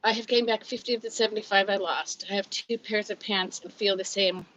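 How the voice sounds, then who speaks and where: A woman in her fifties with a Californian accent talks candidly on a home livestream, a bit out of breath. Her voice is bright and forceful, though the recording sounds dull and muffled. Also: mid-range voice, fairly even intonation, a little fast. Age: 50s. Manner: candid, chatty, laughs often, reads comments aloud. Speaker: livestream host. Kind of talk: casual live chat.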